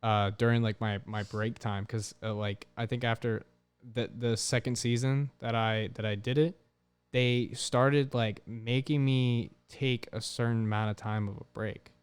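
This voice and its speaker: Young man, podcast host, resonant clear voice, casual swearing, lively anecdotes. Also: mid-range voice, a little slow. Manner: profane, animated storytelling. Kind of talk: casual chat.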